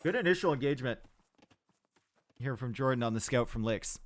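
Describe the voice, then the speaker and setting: A man's voice: mid-range voice, lively intonation, a little fast. Chatty Canadian man casting a game live. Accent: Canadian English. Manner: chatty, upbeat, reads and answers chat. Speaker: game caster. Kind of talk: live esports commentary.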